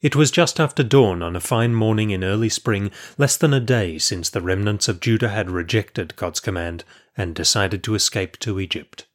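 A man reads a first-person historical story aloud in a measured, even audiobook style. His voice sits on the lower side for a man. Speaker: audiobook narrator.

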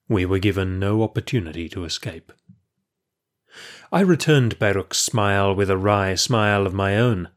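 A man reads a first-person historical story aloud in a measured, even audiobook style. His voice sits on the lower side for a man. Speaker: audiobook narrator.

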